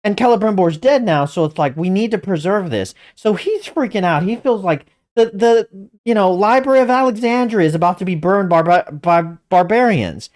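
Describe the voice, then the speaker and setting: Excitable woman stammering in disbelief. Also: medium pitch, normal speed. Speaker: channel host. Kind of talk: excited reaction commentary.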